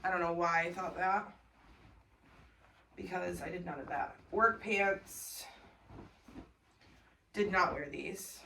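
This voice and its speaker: Indoors between her bedroom and home office, a young woman talks casually to her vlog audience and uses a baby voice with her pet. Her voice is lowish, pushed, and bright, a little slow with frequent pauses, and the distant mic catches faint background noise.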